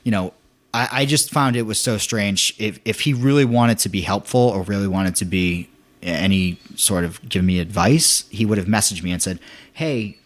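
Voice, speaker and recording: A young man telling a story in casual podcast chat, animated, acting out quotes with many restarts. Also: on the low side, normal speed.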